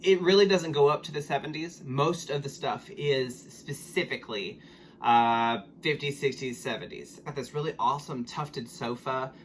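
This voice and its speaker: Talking at a moderate pace in a medium-pitched voice, this middle-aged Oklahoman reseller and estate liquidator vlogs to camera. He rambles casually with plenty of ums and side comments, over a slight hiss or hum.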